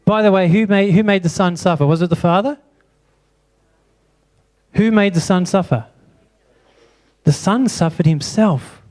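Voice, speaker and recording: Brief: male pastor, fairly high voice, preaching and quizzing the congregation in church. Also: unhurried, pauses often, a little mellow. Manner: asks the congregation many rhetorical questions. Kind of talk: sermon.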